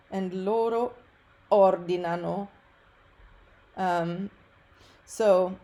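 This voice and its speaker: A woman teaching a recorded language lesson over slides, relaxed and careful, with frequent ums and small self-corrections. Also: lowish voice. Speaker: Italian teacher.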